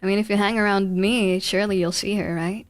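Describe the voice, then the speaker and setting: A woman's voice: mid-range voice, steady tone, brisk, lightly acted. A woman voicing an eager ghost hunter guy. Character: eager male ghost hunter, fame-seeking.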